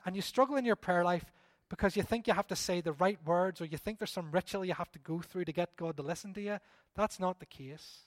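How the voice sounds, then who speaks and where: Male pastor, high voice, animated emphatic sermon delivery, dry close sound. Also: dry recording. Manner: animated, emphatic, with repeated appeals. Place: church service.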